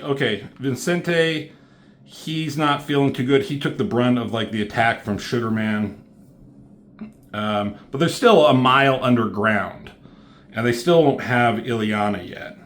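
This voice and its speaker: A man talking casually through a comic book review, rambling and swearing, with plenty of fillers. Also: mid-range voice. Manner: rambling, profane, loose with fillers.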